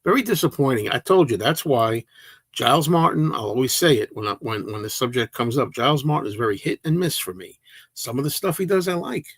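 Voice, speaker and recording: A man's voice: medium pitch, expressive, brisk, slightly rough, dry recording. A man hosting a casual livestream, answering viewer comments in a rambling, chatty way that often restarts mid-sentence. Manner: rambling, self-interrupting, chatty.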